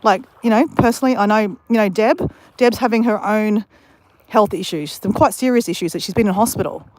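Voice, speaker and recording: Her medium-pitched voice is fairly quick and a little mellow, recorded with no room sound. The Australian woman streams live from near a beach, rambling through anecdotes and addressing her viewers directly in casual chat.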